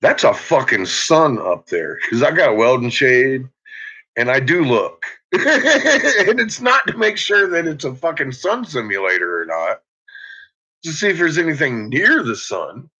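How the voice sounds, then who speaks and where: A man rambling casually in a home vlog, swearing a lot and laughing often, dropping to low mutters and rising to loud shouts. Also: very animated, a little slow, husky. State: uses bottled oxygen. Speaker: vlogger. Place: at home with a dog. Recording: dull lo-fi home recording.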